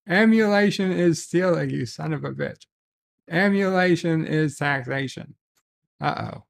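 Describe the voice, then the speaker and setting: A man hosting a casual solo livestream, reading viewer messages aloud slowly and haltingly, with restarts and muttered asides. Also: on the high side, vocal fry.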